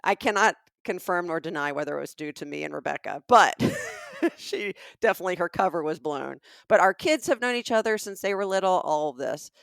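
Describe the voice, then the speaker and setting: Middle-aged Southern woman, comic podcast storyteller, slightly low voice. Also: brisk, gravelly, no echo, studio quality. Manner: animated, acts out the dialogue of people in her stories. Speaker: podcast co-host. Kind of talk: comedic storytelling.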